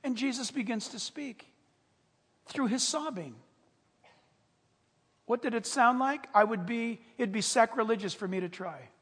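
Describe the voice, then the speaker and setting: A man preaching a sermon as pastor, dramatic and animated, swinging between loud bursts and hushed, intimate tones. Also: very high voice, unhurried, pauses often, husky. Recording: long reverb of a large hall.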